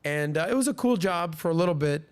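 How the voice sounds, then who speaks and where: Man in his 40s, podcast host, casual storytelling, slightly high voice, animated. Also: fast, smooth. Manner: animated, acts out quoted voices.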